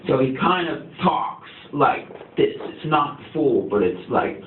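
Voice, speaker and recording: A man's voice: medium pitch, big pitch swings, slow. A man talking as a musician guest in a casual interview, rambling and laid-back with lots of fillers. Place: recording studio. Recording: tinny, echoey, distant, faint hiss.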